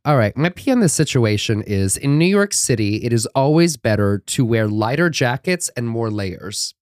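A man co-hosting a casual podcast, telling stories in an animated, dramatic and sassy way. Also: mid-range voice, moderate pace, no echo, studio quality. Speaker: podcast co-host.

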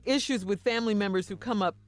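A woman's voice: mid-range voice, fairly quick, faint music behind. A woman co-hosting a radio talk show, giggling through her lines in casual banter. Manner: giggly, breaks into laughter mid-sentence.

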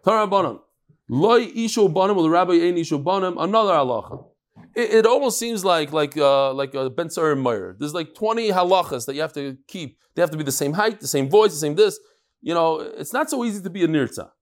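A man teaching a live daily Talmud class, talking quickly and animatedly, with frequent restarts and Hebrew terms. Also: a little high, expressive.

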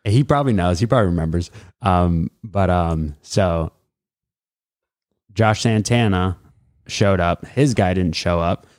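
Casting: man, late twenties, deep and very low, rambling casual storyteller, dry close sound. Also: unhurried, pauses often, a little mellow, dry recording. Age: late 20s. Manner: rambling, many fillers and acted-out quotes. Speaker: guest, mixed martial arts fighter.

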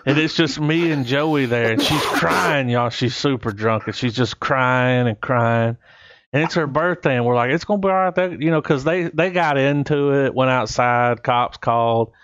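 A man's voice: medium pitch, measured pace, a bit bright, dry recording, dull audio. A man telling a crude story in casual chat, rambling and quoting people as he goes.

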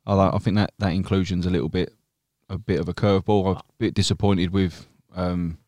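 Low-voiced teasing man. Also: level tone, a little fast, darkish tone, no echo. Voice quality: teasing, swears casually. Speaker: podcast co-host. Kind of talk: casual football chat.

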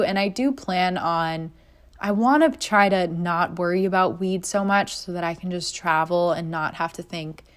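A young woman hosting a podcast, telling a story in a casual monologue and acting out the voices of people she quotes. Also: fairly low pitch. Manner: animated, acts out voices in quotes. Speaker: podcast host.

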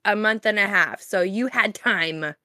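A woman's voice: mid-range voice, unhurried, bright, forceful tone, dry recording, clean studio sound. A young woman co-hosting a podcast in casual chat, making sarcastic jokes and recommendations. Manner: joking, sarcastic asides. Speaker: podcast co-host.

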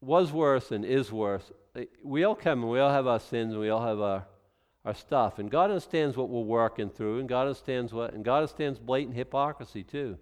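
A man's voice: medium pitch, brisk, clean tone. A male pastor preaching a sermon in a loose, conversational way, drifting into asides and acted-out scenes.

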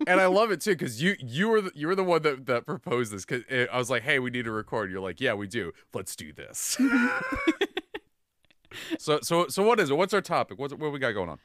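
Animated man co-hosting a podcast. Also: fairly high pitch, fairly quick, no echo, clean studio sound. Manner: animated, laughs often, restarts sentences. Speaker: podcast co-host. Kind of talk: casual chat.

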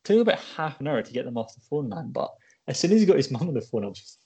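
Husky man with blunt, sweary banter. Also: medium pitch, big pitch swings, quick pace, dark tone. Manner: swearing, blunt anecdote telling. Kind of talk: casual chat.

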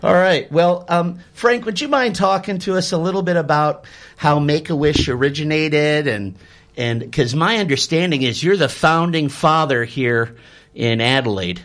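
Chatty, slightly high-voiced male radio host. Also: normal speed, a bit bright. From Chicago. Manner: rambling, self-correcting, chatty. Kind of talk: casual radio interview.

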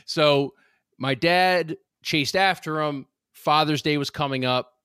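A man's voice: a little high, slow, a bit bright, smooth, no room sound, clean studio sound. A young man casually telling rambling anecdotes on a podcast, with restarts and laughs. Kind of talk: casual storytelling chat.

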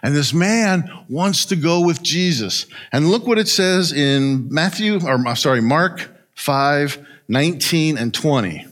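A man preaching a sermon, retelling a story in an animated way and often asking "right?". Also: on the high side, a little slow, hardly any pauses. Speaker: pastor.

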